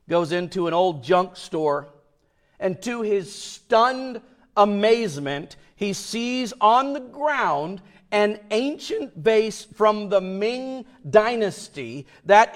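Slow, emphatic high-voiced male pastor. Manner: emphatic, with swings between hushed and loud. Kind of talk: sermon.

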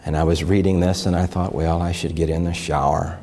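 A man's voice: deep voice, level tone, brisk, mellow. A middle-aged male pastor preaching, reading scripture aloud and telling of his morning, with emotional, fervent swells.

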